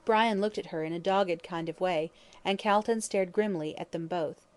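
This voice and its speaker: A woman's voice: fairly low pitch, moderate pace, darkish tone. Woman narrating a classic novel. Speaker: audiobook narrator. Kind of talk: scripted narration.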